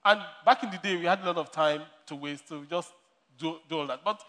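A man with a fairly high, pushed, bright voice preaches briskly, telling stories punctuated by frequent laughter. He keeps repeating his main points, heard through a long hall reverb.

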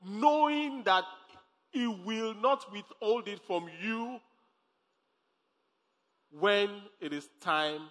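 A pastor preaching a sermon, emphatic, repeating phrases and breaking into laughs. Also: male voice, sits high, drawn-out words, pauses often, a bit bright. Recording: long hall reverb.

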